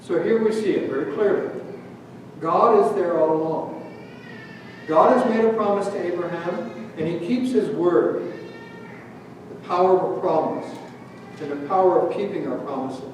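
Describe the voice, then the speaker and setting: The man speaks at a normal speed in a high-pitched voice, leaving long pauses. He's a Canadian pastor giving a sermon in a church sanctuary, telling stories and questioning the congregation. The audio is distant and echoey with a faint hum.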